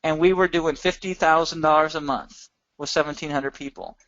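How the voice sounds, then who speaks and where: An instructor with a somewhat high male voice presses his points hard and keeps throwing rhetorical questions at his listeners. The sound is dull and lo-fi, with no room echo at all. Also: fairly even intonation, moderate pace, fairly bright tone. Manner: emphatic, with many rhetorical questions. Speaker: course instructor. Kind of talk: teaching a recorded training session.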